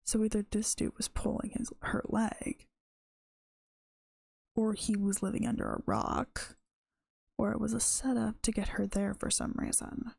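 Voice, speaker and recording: A woman's voice: mid-range voice, little pitch movement, unhurried, vocal fry, long pauses, a little mellow, breathy edge, no room sound. A tired woman streamer reading her own story aloud, correcting herself as she goes. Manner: unpolished reading with self-corrections. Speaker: streamer and writer.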